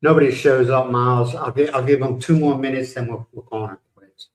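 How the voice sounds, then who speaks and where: An older American man hosts a casual livestream from his home in the Philippines, rambling bluntly and swearing now and then. His mid-range voice has fairly even intonation and a fairly quick pace, and the recording is rough.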